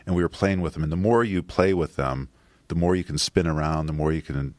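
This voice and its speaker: A man, a filmmaker guest on a podcast, speaking softly and haltingly with many restarts. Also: extremely low pitch, dry recording. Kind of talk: casual interview chat.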